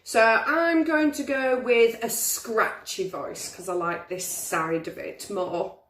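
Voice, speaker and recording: A woman's voice: on the high side, slow pace, fairly bright tone, distant mic, a little hiss or hum. A young woman teaching a drama lesson to pupils on video, encouraging them and demonstrating different voices. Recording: roomy, from the mic.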